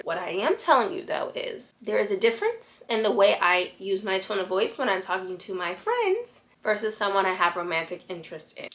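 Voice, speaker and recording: A woman's voice: medium pitch, animated, brisk, few pauses, a bit bright. A woman giving blunt, sassy dating advice straight to camera as a fashion influencer. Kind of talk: talking-head advice vlog.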